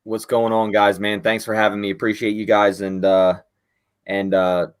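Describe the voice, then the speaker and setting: A man's voice: fairly low pitch, level tone, moderate pace, smooth. A man, a guest on a sports podcast, talking casually with lots of fillers. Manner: laid-back, many fillers like "man" and "you know". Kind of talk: casual chat.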